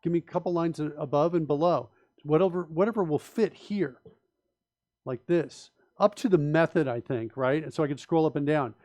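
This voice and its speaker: A man's voice: on the high side, moderate pace, a little mellow, no echo. A man hosting a live coding stream, thinking aloud in an emphatic, opinionated way with frequent restarts and rhetorical questions. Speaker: host and software developer.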